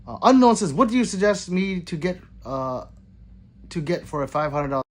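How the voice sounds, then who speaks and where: A gun channel livestream host with a voice that sits high reads viewer comments aloud, animated and at a moderate pace. His delivery is casual, rambling, and apologetic, with muttering in the gaps.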